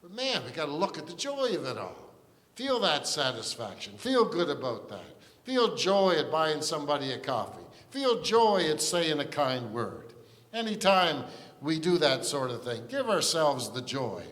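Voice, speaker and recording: Male pastor, fairly high voice, chatty earnest sermon, long church reverb. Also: sing-song, normal speed, a bit bright. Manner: conversational and earnest, with frequent restarts and asides. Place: church sanctuary.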